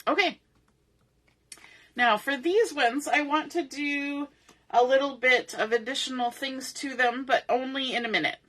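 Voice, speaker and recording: A woman's voice: high-pitched, a little slow, fairly bright tone. A middle-aged woman hosting a papercraft tutorial, talking through each step aloud in a chatty way at her craft table. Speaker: papercraft host.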